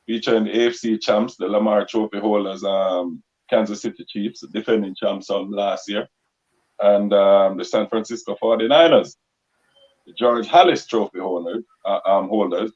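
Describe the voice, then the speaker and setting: A man's voice: lowish voice, moderate pace, a little mellow. A man joining a sports talk show over a video call as a guest, giving laid-back analysis. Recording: dull video call audio.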